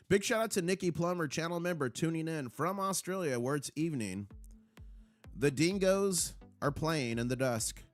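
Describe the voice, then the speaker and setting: A man hosting a casual livestream, upbeat and chatty as he gives shout-outs to viewers. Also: on the high side. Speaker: livestream host. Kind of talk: casual live chat.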